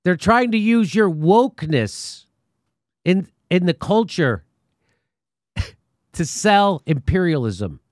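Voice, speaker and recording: A man's voice: high-pitched, very animated, takes it slowly, pauses often, no echo, clean studio sound. Sarcastic male political commentator. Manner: sarcastic, mocking. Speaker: show host.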